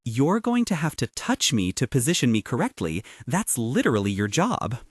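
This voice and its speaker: A man's voice: medium pitch, huge pitch swings, moderate pace, slightly rough, no echo, clean studio sound. A man doing a teasing young art model. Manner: teasing, matter-of-fact.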